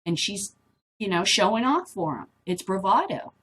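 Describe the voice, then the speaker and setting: A woman's voice: mid-range voice, sing-song, moderate pace, a bit bright, husky. A middle-aged woman hosting a casual vlog, reading news and commenting on it in a blunt, rambling way that drifts off topic. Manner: rambling, easily sidetracked, blunt and swearing.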